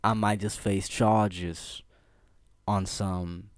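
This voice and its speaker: Lively low-voiced storyteller. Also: male voice, drawn-out words, no room sound, studio quality. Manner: animated, laughing, slangy, frequent "bro" and "see what I'm saying". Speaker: vlogger. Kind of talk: casual storytelling.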